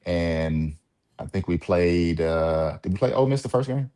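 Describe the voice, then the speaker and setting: A man from Mississippi with a very low voice talks through his college basketball days as an interview guest. He is relaxed and reflective, leaning on fillers and small laughs. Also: normal speed, smooth. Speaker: former college point guard, guest. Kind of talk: casual interview talk.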